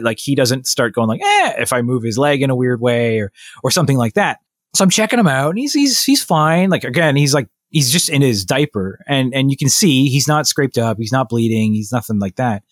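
A man casually telling a long story on a podcast, animated and full of restarts, acting out what people said. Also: mid-range voice, dry recording, studio quality. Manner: rambling, animated retelling with many restarts and quoted voices. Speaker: podcast co-host.

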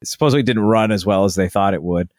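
Chatty low-voiced man co-hosting. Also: fast talker, darkish tone, no room sound, clean studio sound. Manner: rambling, chatty explaining with frequent likes. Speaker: podcast co-host. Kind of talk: casual chat.

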